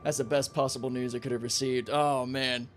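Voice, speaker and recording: A young man streaming a space game, chatting casually with his viewers, excitable and swearing freely. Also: medium pitch, brisk. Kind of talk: casual livestream commentary.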